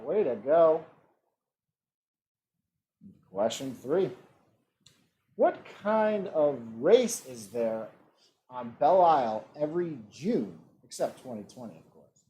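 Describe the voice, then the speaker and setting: A man hosting an online trivia game. He reads out multiple-choice questions and adds relaxed joking asides. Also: medium pitch, slight background noise. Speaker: trivia quiz host.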